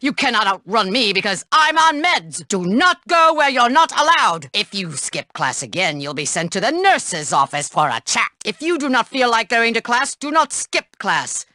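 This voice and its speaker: A woman's voice: a little high, big pitch swings, normal speed, few pauses, pushed and bright, no room sound, clean studio sound. An actress playing a stern female school staff member in a video game, lecturing and scolding about the rules.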